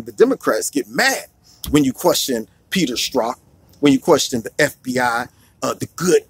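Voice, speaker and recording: A man who was once a school principal gives an opinion monologue, animated and acting out the people he quotes. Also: a little high, husky, no room sound. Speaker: political commentator, former school principal.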